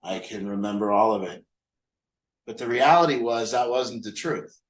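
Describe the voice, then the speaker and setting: A man's voice: fairly low pitch, moderate pace, echoey room, low-quality recording. A man leading a recovery group, talking candidly and mocking himself, asking rhetorical questions. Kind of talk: group talk on a call.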